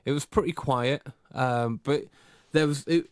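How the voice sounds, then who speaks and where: A man's voice: mid-range voice, unhurried, no echo, clean studio sound. A man co-hosting a podcast, telling a story in a casual, rambling way with fillers. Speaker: podcast co-host. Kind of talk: casual chat, anecdote.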